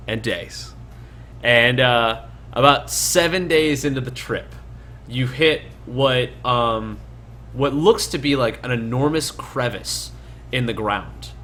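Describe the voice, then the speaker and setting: A man's voice: mid-range voice, slow, sharp tone, a little hiss or hum. A young man narrating casually as dungeon master, rambling with lots of fillers. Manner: rambling, filler-heavy, laid-back. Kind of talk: casual tabletop game narration.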